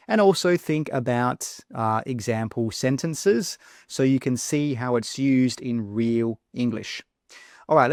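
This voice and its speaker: A man teaching an English exam lesson, clearly explaining points and slowly modelling word pronunciation. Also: medium pitch, darkish tone, no echo, studio quality. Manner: clear, instructive, stresses words slowly when modelling pronunciation. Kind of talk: video lesson.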